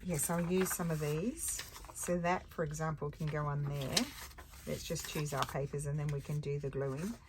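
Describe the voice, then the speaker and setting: A woman's voice: sits low, fairly even intonation, moderate pace, noisy background. An older woman with an Australian accent, tired, chatting casually and thinking aloud as she works on a craft project. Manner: chatty, easily distracted, thinks aloud while working. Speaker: craft channel host.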